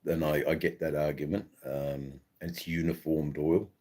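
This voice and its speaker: A middle-aged Australian man with an Australian accent, hosting a relaxed, rambling live stream and chatting with viewers, with many ums and restarts. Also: a bass voice, normal speed. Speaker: livestream host. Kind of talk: casual live-stream chat, reading viewer comments.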